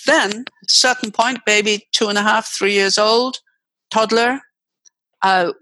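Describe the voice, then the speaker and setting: An older woman voice teacher, explaining expressively as a guest, swooping her pitch to demonstrate. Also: fairly even intonation, measured pace, sharp tone, no echo, poor audio. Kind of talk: explanatory interview talk.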